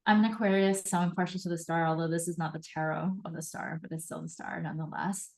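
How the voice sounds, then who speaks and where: A woman hosting a live card reading, enthusiastic and animated, acting out little quoted voices as she coaches. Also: fairly low pitch, quick pace, gravelly. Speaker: host and intuitive reader.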